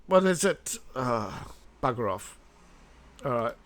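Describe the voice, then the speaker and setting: A man's voice: mid-range voice, big pitch swings, slow, a bit bright. An Australian man hosting a casual news commentary vlog, rambling and sarcastic, chuckling at his own jokes. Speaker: host.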